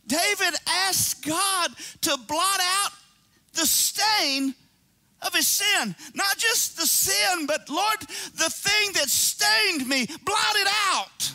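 A man preaching a sermon, swinging between shouted emphasis and low conversational asides, repeating phrases for emphasis. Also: lively intonation, slow pace. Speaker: pastor.

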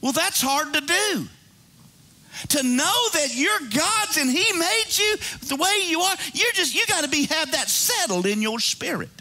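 A man's voice: very high-pitched, sing-song, a little slow, sharp tone. A pastor in his fifties preaching a sermon. He is exuberant and jokey and breaks into whooping exclamations.

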